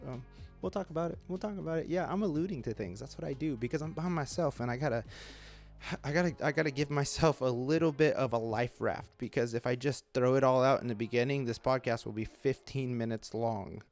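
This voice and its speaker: A man's voice: medium pitch, brisk, a little mellow, soft background music. A man in his late twenties hosting a solo podcast from a bedroom home studio, rambling in a sarcastic, self-mocking way. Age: late 20s. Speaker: podcast host.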